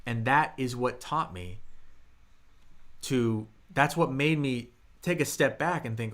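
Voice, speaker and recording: A man's voice: mid-range voice, slow pace, long pauses, a bit bright. A young man teaching Mandarin on a live stream, chatting casually, answering viewers and sounding out the tones. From United States. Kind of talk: live-streamed language lesson.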